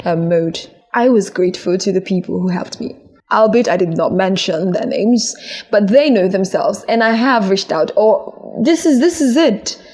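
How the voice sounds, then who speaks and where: A woman's voice: mid-range voice, normal speed, darkish tone. A young woman hosts a podcast in an earnest, encouraging monologue. Her voice sits in a middle register and swings up emphatically when she presses a point. She talks casually, as if to a friend. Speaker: podcast host.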